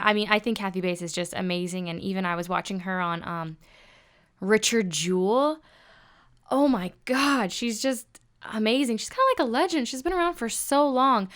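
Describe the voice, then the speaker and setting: A woman's voice: mid-range voice, a bit bright, smooth. Chatty enthusiastic woman host. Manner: chatty, enthusiastic, many "like" fillers. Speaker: podcast host. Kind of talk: casual interview chat.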